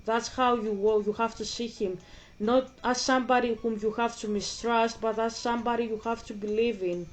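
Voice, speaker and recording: A woman's voice: on the high side, steady tone, moderate pace. A woman streaming a game, chatting casually in a rambling way, repeating herself and breaking off for game moves. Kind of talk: casual livestream chat while gaming.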